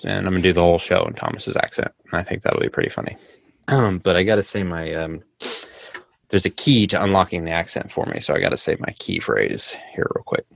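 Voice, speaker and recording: Low-voiced joking podcast host, man. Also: fast talker, vocal fry, no room sound. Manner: joking, animated banter. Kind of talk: casual chat.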